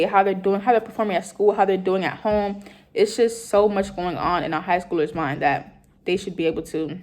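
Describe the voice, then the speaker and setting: A woman's voice: medium pitch, a little mellow. A young woman in college speaks in an everyday mid-range voice. She tells her story earnestly and loosely, wandering through her thoughts with lots of fillers. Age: young adult. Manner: earnest, rambling, many fillers. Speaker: college student. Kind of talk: personal storytelling vlog.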